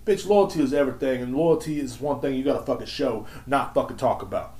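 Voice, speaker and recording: A man's voice: mid-range voice, fast talker, warm tone, roomy sound. A man in his thirties hosting a solo podcast, ranting in a swaggering, slangy, profane and mocking way. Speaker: podcast host.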